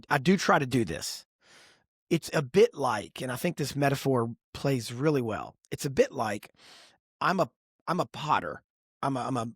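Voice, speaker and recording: A middle-aged podcast co-host tells stories in a husky, slightly breathy, medium-pitched voice that rises and falls as he goes. His casual conversation is animated, lively, and expressive, recorded close on a dry studio mic.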